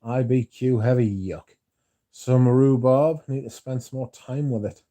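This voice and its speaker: This livestream host speaks in a medium-pitched, steady, warm voice without hurrying. In a relaxed session he wanders through anecdotes, responds to comments he reads out from viewers, and drops the occasional curse.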